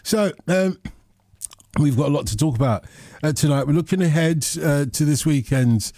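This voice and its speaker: A man's voice: on the high side, moderate pace, mellow, no room sound. A man hosting a sports radio phone-in from a studio, chatty and playful with jokey asides. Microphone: studio microphone.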